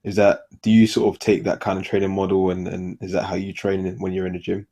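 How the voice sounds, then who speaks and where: A man hosts a casual podcast interview in a very deep, husky voice. His tone is dark and mellow. He talks in a laid-back, friendly way and keeps addressing his guest as "man". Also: monotone, quick pace. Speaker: podcast host.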